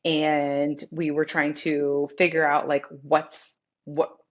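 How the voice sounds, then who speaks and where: A woman's voice: low-pitched, little pitch movement, takes it slowly, muffled recording. A woman in her forties, a fitness trainer and interview guest, telling a personal story in a candid, rambling way and often quoting herself.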